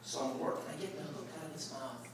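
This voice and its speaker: A middle-aged male preacher with a fairly high voice tells his story in a big, booming, echoey hall. He is heard from a distance, and a crowd murmurs around him. He speaks with animated, laughing excitement and shouts at the peaks. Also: fast. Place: large hall at a retreat worship service.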